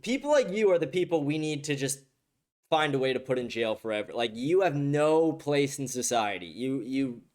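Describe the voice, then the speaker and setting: A man's voice: mid-range voice, very animated, moderate pace, a little mellow. Young man, blunt profane livestream host. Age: young adult. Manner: blunt, profane, laughs often. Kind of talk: casual livestream chat reading comments.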